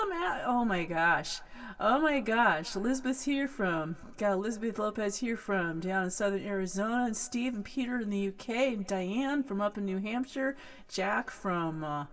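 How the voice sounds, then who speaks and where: A woman with a West Coast American accent, a folk singer hosting her live stream and chatting excitedly with viewers between songs. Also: mid-range voice. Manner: chatty, excitable, greets viewers warmly by name. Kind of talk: casual chat between songs.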